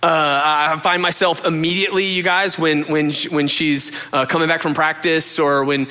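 Bright-voiced earnest male preacher. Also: on the high side, level tone, moderate pace. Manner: earnest, confessional, addresses listeners directly. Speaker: pastor. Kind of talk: conversational sermon.

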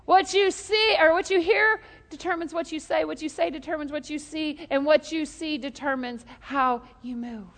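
A woman preaching a humorous sermon, animated and joking, drawing the congregation into call-and-response. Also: high voice, normal speed, few pauses, long reverb tail.

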